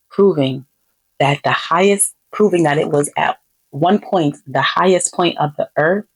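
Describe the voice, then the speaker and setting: A woman's voice: low-pitched, measured pace, breathy edge, dry recording, poor audio. A woman from the United States hosting a podcast, chatting casually and rambling as she restarts her points. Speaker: podcast host.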